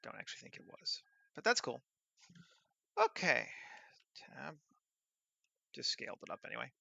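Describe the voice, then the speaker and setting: A man's voice: medium pitch, very animated, normal speed, gravelly, sharp tone, dry recording, muffled recording. A man working on a 3D scene who thinks aloud, muttering half-finished commands to himself.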